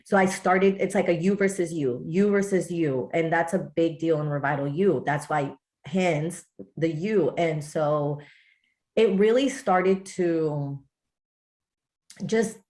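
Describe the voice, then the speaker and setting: A woman's voice: low-pitched, slow pace, darkish tone. A woman from Texas, a wellness coach guest, telling her story in a chatty, storytelling way. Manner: chatty storytelling, quotes her own thoughts. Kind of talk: casual interview chat.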